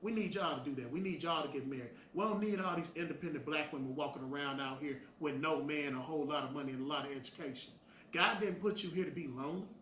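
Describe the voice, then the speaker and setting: Recorded from a distance in a roomy space, a middle-aged host gives an opinionated talk straight to camera, blunt and preachy with heated bursts. He's a fast talker with a slightly high, fairly bright voice.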